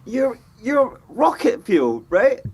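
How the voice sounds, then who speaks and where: Animated man, high and husky. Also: slow pace. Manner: animated, frustrated, acts out players' voices. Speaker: fan show host. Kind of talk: passionate football reaction chat.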